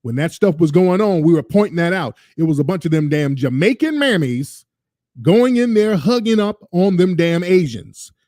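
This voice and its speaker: A man's voice: high voice, animated, normal speed, darkish tone, no room sound, studio quality. A male show host ranting over a video clip, sarcastic and mocking. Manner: ranting, sarcastic, mimics voices. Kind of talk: commentary over a played clip.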